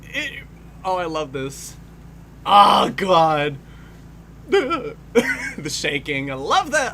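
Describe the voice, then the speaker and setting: A man's voice: on the high side, big pitch swings, takes it slowly, pauses often, bright, forceful tone, slight background noise. A man giving casual film commentary, swearing freely and laughing often.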